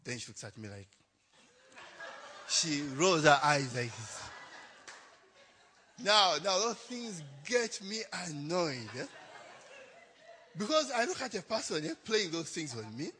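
A man's voice: a little high, very animated, slow, long pauses, sharp tone, a little hiss or hum. A young adult man, a pastor telling a story in a chatty sermon, laughing often and tagging lines with "eh?".

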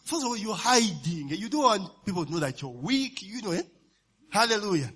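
A man's voice: sits high, big pitch swings, a little fast, a bit bright, breathy edge. A man preaching a sermon, forever asking "you understand?" and "eh?" and laughing between points. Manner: call-and-response asides, often asks "you understand?" and "eh?", laughs while preaching.

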